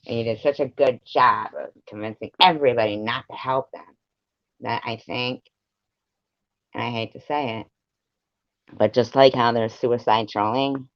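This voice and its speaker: On a dull, lo-fi live stream, a man with a medium-pitched voice and no echo harangues his viewers, rambling, swearing, and picking fights.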